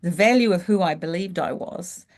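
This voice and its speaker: Her voice is lowish and a little mellow: a middle-aged New Zealand leadership coach, guesting in a laid-back interview. She narrates frankly and reflectively, taking her time when she recalls earlier events.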